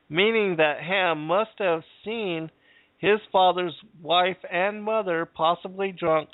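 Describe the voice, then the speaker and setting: A man's voice: a little high, no room sound. Man with thin phone-line sound. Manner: measured, reads passages aloud with pauses. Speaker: podcast host. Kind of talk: reading and commenting on scripture. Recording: dry phone-like audio.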